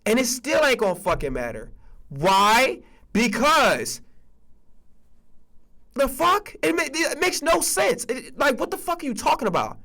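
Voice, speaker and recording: Guy with a high bright voice going off on a profane sports rant, all over the place in pitch. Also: unhurried, vocal fry, long pauses. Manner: animated, profane, repetitive ranting. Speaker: sports podcast host and streamer. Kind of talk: casual ranting commentary.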